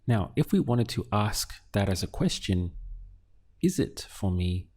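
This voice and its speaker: A man teaching useful phrases in a slow, clear lesson, giving prompts and then the model answers. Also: fairly low pitch, animated, darkish tone. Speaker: language teacher. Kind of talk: audio language lesson.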